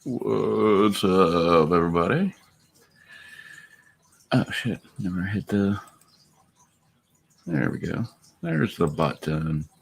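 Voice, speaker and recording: A man's voice: sits low, lively intonation, slow pace, gravelly, pauses often, breathy edge. A man streaming casually from home, chatting with viewers, laughing often and slipping into baby talk for his puppies. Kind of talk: casual live stream chat.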